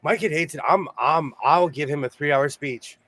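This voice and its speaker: A man hosting a casual sewing-circle chat, telling animated stories and laughing often. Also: a little high, moderate pace. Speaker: host of a sewing show; single father.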